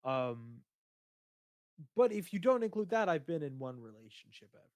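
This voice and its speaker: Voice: mid-range voice, very animated, moderate pace, a little mellow, no room sound. A person chatting on a livestream, hesitant with many "um"s, giving earnest advice. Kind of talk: casual chat on a livestream.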